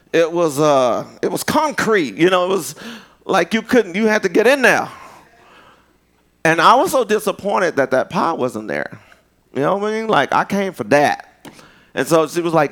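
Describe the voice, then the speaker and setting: A man giving a casual storytelling sermon, animated and joking as he talks straight to his listeners. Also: high-pitched.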